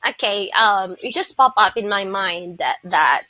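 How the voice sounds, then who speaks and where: A Filipino woman teaching English pronunciation, who speaks slowly and repeats words so listeners can copy them. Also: mid-range voice, animated, sharp tone, muffled recording. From Philippines. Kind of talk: pronunciation lesson.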